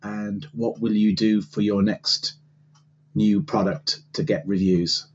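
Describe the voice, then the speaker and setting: A husky, fairly low-voiced man with an English accent asks his question in a polite, measured way. The recording sounds dull and lo-fi, like a voicemail. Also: little pitch movement. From England. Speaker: listener asking a question.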